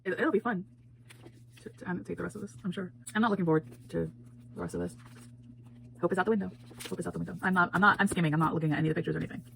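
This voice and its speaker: A woman's voice: on the low side, racing, creaky, long pauses, fairly bright tone, slight background noise. A woman giving a casual spoiler book talk, emphatic and full of repeated phrases and laughter. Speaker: book reviewer.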